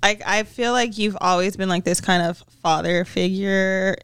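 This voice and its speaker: A woman's voice: mid-range voice, moderate pace, a bit bright, clear, resonant tone, no echo. A woman chatting on a podcast as a family member, talking in a chatty, giggly way. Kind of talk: casual podcast chat.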